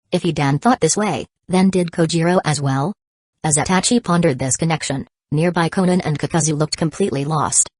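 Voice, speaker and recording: A woman narrating an audiobook in an even, steady reading. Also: low voice, no echo. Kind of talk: scripted narration.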